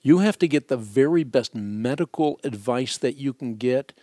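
A man's voice: medium pitch, lively intonation, moderate pace, warm tone, dry recording, clean studio sound. A male radio host giving earnest, reassuring religious advice to a caller.

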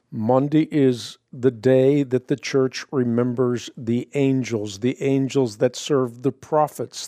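A middle-aged man hosting a radio Bible question program, explaining an answer in a measured way with pauses. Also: medium pitch, dark tone, no room sound, clean studio sound.

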